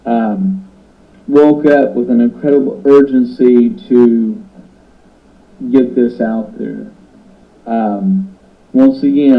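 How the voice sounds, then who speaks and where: Halting, earnest man on dull lo-fi audio. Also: mid-range voice. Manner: halting, repeats words, earnest and urgent. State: sleepless. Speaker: pastor recounting a dream. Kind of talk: spoken testimony to camera.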